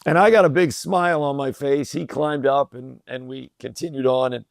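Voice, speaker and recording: A middle-aged man telling a personal story in an interview, relaxed and full of fillers and restarts. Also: medium pitch, moderate pace, gravelly, no echo, studio quality. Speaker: podcast guest, company president. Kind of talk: conversational storytelling.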